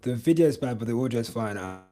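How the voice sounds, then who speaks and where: A man's voice: mid-range voice, animated, brisk, mellow. A young man chatting casually on a live stream, rambling with many fillers and casual swearing. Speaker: podcast host streaming live.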